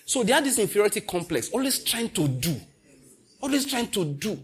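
A middle-aged Nigerian man preaching a sermon, telling stories and slipping into pidgin, moving between loud and hushed delivery. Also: sits high, very animated, fairly quick, breathy edge. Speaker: pastor. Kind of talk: sermon with storytelling.

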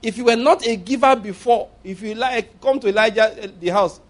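High-pitched and brisk, this pastor delivers an emphatic sermon, hammering on repeated phrases and throwing rhetorical questions at the congregation.

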